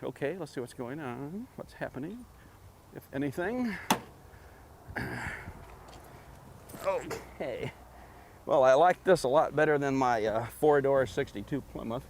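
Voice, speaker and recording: A man's voice: mid-range voice, expressive, a little slow, pauses often, darkish tone, a little hiss or hum. A filmmaker talking wryly to the camera, musing as he goes. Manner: wry, musing.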